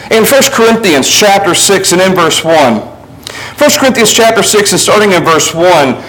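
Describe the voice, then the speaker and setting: A man delivering a sermon in a somewhat high voice, reading scripture and then unpacking it. He sinks low and quiet to stress a point and climbs higher when quoting. A faint ambient hum sits under the voice. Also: low-quality recording. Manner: expository, reads scripture aloud and explains it; shifts between low, quiet emphasis and raised, quicker passages. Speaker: preacher.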